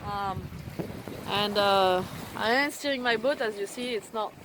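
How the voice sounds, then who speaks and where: A woman's voice: mid-range voice, unhurried. A woman vlogger telling a casual, rambling story to camera while steering her sailing boat, swearing freely and laughing between phrases. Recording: wind noise on an open deck.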